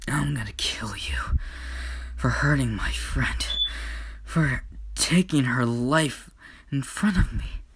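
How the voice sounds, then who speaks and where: A man voicing an angry young woman who wants to avenge her friend, shrill and indignant. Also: animated, slow, hardly any pauses, very noisy. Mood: menacing whisper.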